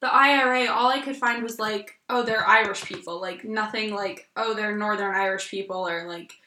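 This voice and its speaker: A woman's voice: mid-range voice, moderate pace, bright, forceful tone, reverberant. A young woman co-hosting a podcast, chatty and joking, often saying "like". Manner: chatty, joking, many "like" fillers. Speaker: podcast co-host. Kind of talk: casual chat.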